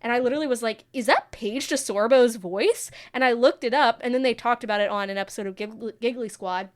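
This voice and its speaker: A woman's voice: a little high, fast talker. A woman in her twenties from the American Midwest, co-hosting a podcast in casual, gushing chat. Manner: chatty, gushing, quotes herself. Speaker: podcast co-host.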